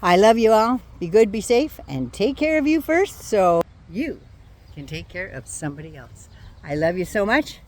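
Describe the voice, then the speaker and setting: A woman's voice: medium pitch, big pitch swings, normal speed, darkish tone. An older woman ranting on her vlog, blunt, indignant and sarcastic. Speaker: vlogger.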